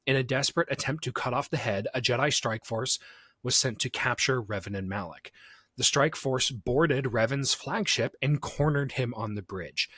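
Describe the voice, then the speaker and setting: A young man co-hosting a podcast in a loose, animated way, often laughing. His voice sits mid-pitch and sounds dry and close to the mic. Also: moderate pace, slightly rough, no echo. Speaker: podcast co-host. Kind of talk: casual podcast chat.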